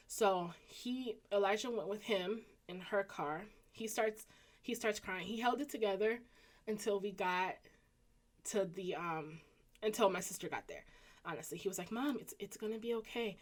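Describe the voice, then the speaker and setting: A woman in her thirties with a Southern US accent, telling a personal story casually to her viewers and acting out the people in it. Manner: animated, acts out quoted voices with pitch jumps. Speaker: vlogger.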